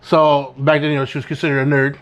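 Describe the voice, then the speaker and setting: A man's voice: on the high side, flat delivery, fast. A young man co-hosting a podcast, telling a school story in casual chat and acting out both sides of the dialogue. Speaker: podcast co-host.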